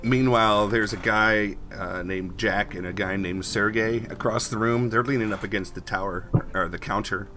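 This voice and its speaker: A man's voice: on the low side, steady tone, moderate pace, few pauses, music in the background. A man narrating a tabletop game as game master, in a rambling, filler-heavy way.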